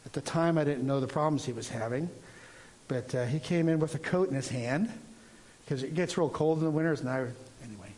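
An older man gives a casual sermon testimony, his voice sitting a touch higher than most men's. He talks in a rambling, halting way, restarting sentences and filling pauses as he tells his story. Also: darkish tone. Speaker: preacher sharing a testimony.

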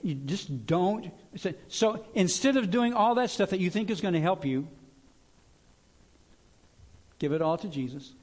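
A middle-aged male pastor preaching a sermon in a lively, conversational way, asking his congregation to repeat lines after him. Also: high voice, measured pace, long pauses.

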